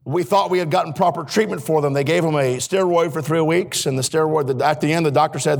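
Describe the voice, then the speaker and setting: A male missionary preaching in a church, his voice pitched high with a gravelly edge. He moves between quiet, earnest moments and emphatic, raised passages, speaking straight to the congregation. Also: fast, hardly any pauses. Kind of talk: sermon. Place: church sanctuary.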